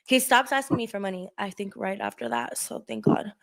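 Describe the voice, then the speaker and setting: A woman's voice: medium pitch, big pitch swings, a little fast, creaky, a bit bright. A woman telling a rambling story in casual chat, laughing and acting out what people said. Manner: rambling, laughing, acts out quotes.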